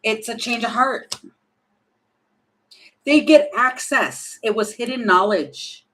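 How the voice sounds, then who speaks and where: Tarot lady reading cards out loud, lots of "like" and "um", talking it through as she goes. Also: fairly high pitch, takes it slowly, rough recording. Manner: animated, thinking aloud with many fillers. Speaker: tarot reader.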